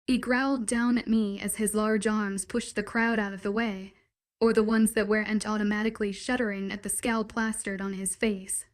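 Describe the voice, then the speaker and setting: A woman's voice: medium pitch, flat delivery, normal speed. Woman narrating a romance story.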